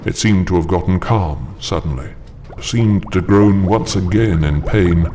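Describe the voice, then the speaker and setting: A man narrating a story with dramatic intensity, pushing his voice much higher whenever he quotes a character. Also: unhurried, dark tone, slight background noise. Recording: narration with clear background music.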